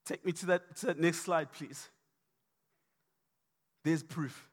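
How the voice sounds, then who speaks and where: High-voiced impassioned preacher. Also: male voice, steady tone, takes it slowly, breathy edge. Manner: impassioned, repetitive, rising to shouts. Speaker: pastor. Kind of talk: sermon.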